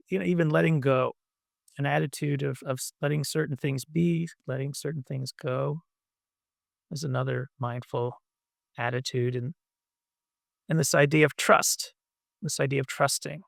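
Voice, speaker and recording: Meditation teacher, male, gravelly voice, gentle halting delivery, dry close sound. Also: on the high side, no echo. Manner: gentle, halting, many fillers. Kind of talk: dharma talk.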